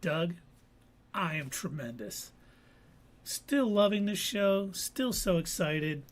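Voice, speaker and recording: A man's voice: high voice, lively intonation, takes it slowly. A man co-hosting a casual live show, recapping an episode with playful puns. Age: adult veteran. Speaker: co-host. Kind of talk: casual podcast chat.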